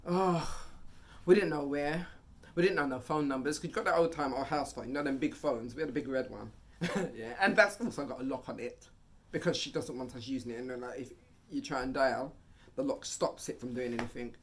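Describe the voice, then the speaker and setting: A man vlogging a casual storytime monologue, animated, getting loud and high at tense moments. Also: normal speed.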